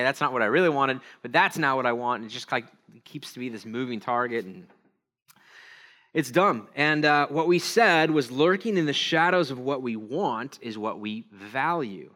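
A man's voice: medium pitch, bright, forceful tone. A male pastor giving a casual, rambling sermon, self-deprecating and full of fillers and restarts.

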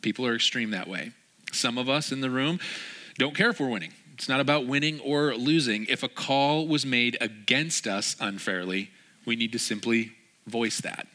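A man in his thirties preaching a sermon in a lively way, acting out quoted people in changed voices. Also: mid-range voice, normal speed. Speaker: pastor.

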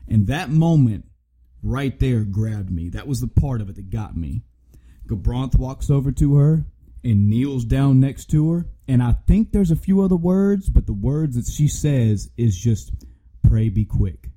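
A man co-hosting a podcast, retelling a game story in a casual, animated way with plenty of swearing and restarts. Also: mid-range voice, measured pace, rough recording. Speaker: podcast co-host.

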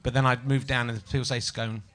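In his forties and hailing from Yorkshire, England, this man hosts a live comedy podcast before an audience at a small venue, speaking with a Yorkshire English accent. His medium-pitched voice is a little bright and a touch fast, with little variation in pitch. He's chatty and self-deprecating, teasing members of the crowd.

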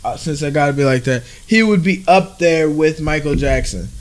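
A man co-hosting a casual chat podcast, animated and joking, slipping into quoted voices. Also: a little high, normal speed. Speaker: podcast co-host.

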